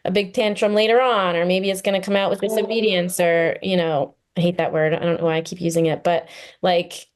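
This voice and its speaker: In a relaxed podcast conversation, a woman therapist speaks earnestly, with many fillers and quick bursts of laughter. Her voice is on the low side and barely shifts in pitch.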